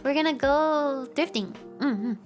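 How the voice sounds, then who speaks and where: A woman's voice: high voice, unhurried, faint music behind. A young woman hosting a casual livestream chat, bubbly and giggly, with a playful way of talking. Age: young adult. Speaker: streamer host.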